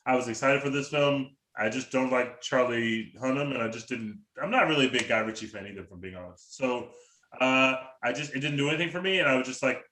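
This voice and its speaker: A man's voice: mid-range voice, quick pace, pushed and bright, poor audio. A man co-hosting a podcast in casual chat, blunt and opinionated, stumbling over repeated words. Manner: blunt, opinionated, stammering restarts. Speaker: podcast co-host.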